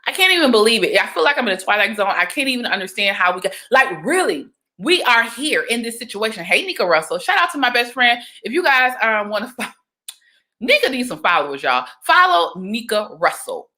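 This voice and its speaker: A young woman from Georgia, chatting casually on a livestream, animated and talkative. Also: fairly high pitch, brisk. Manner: chatty, animated, breaks into sung exclamations. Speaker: livestream host.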